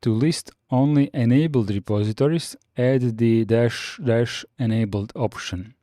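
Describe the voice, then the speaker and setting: Between points, this Linux course host responds to viewer chat as he steadily explains his notes on a live stream, filling pauses with frequent "uh"s. He has a warm, mellow, medium-pitched voice, captured close and dry at a desk mic.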